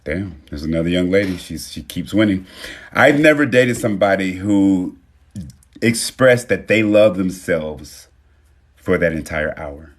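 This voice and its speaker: Animated, profane man talking on a phone live stream. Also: a little slow. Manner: animated, swings between loud and low, profane slang. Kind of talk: casual live-stream monologue.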